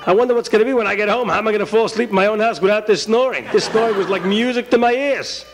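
A man voicing a chatty, excitable tailor talking to himself at night. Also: high voice, rapid-fire, faint music behind, pitched above the performer's own voice.

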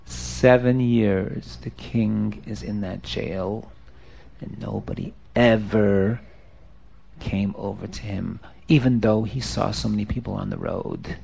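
A man telling a story aloud in an animated way, asking his listeners questions. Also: on the low side, slow pace, vocal fry, breathy edge.

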